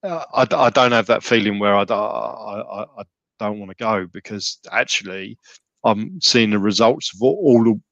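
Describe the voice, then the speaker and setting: A man's voice: lowish voice, normal speed, gravelly, fairly bright tone, no room sound, lo-fi sound. A man talking casually as a podcast guest, rambling with many restarts and fillers. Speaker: gym client and podcast guest.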